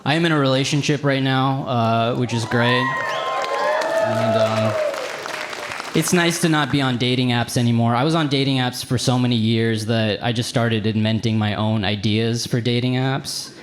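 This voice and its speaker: A man performing a stand-up comedy set on stage, animated and slipping into high put-on voices for the people in his stories. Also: moderate pace. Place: comedy club stage with a live audience. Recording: live venue with crowd noise. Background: audience laughter.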